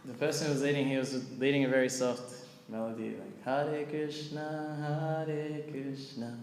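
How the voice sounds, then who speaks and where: A man telling a lively story to a gathering, acting out the people in it as he goes. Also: medium pitch. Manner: animated, acts out the people in his story. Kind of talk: storytelling talk. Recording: echoey hall, faint background noise.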